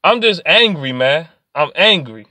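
Angry high-voiced man ranting. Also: lively intonation, unhurried, no echo. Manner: angry, profane, swings from muttering to shouting. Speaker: sports vlogger. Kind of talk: profane sports rant.

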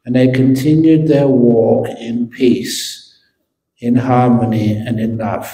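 A man's voice: medium pitch, steady tone, slow, dark tone. A man, a Buddhist monk teacher, answering questions at an evening talk with humor and playful storytelling. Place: meditation centre hall. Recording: echoey hall.

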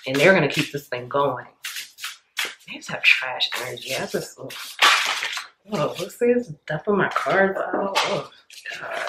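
A woman's voice: low-pitched, roomy sound, background noise. A woman giving a casual channeled tarot reading, talking intensely and emphatically, with many restarts and fillers. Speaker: tarot reader.

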